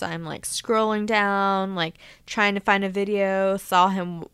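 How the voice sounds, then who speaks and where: Excitable woman guest with a smooth lower voice, rapid and giddy, dry close sound. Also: no room sound. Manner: fast, animated, laughing storyteller who swears freely. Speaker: podcast co-host, guest. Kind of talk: excited casual chat.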